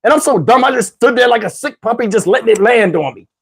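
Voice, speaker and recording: A middle-aged man vlogger telling a story to camera in a casual, animated way, with slang, swearing and laughter. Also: very high voice, quick pace, slightly rough.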